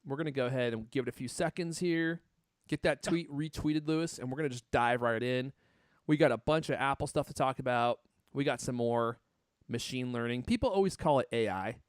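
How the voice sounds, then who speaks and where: A man with a mid-range, brisk, clear and resonant voice hosts a casual live-streamed tech podcast, cracking jokes and reading viewer comments aloud. The sound is studio quality with no room sound.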